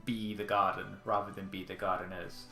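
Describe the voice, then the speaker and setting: Game master, male, relaxed delivery with fillers; roomy recording, light background music. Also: deep voice, moderate pace, gravelly. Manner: relaxed, frequent filler words. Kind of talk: narrating a tabletop game.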